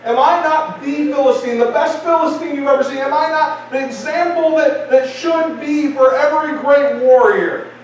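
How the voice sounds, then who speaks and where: A man preacher voicing a boastful giant male warrior who mocks and challenges loudly. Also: very high voice, normal speed, few pauses, distant mic, slight background noise, pitched above the performer's own voice. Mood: taunting. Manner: loud, mocking challenges. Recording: very echoey church hall from afar.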